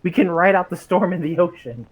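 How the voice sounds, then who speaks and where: A man's voice: high-pitched, animated, a little fast, husky, poor audio. A man chatting casually while gaming with friends, easygoing and a little sheepish. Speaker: stream co-player.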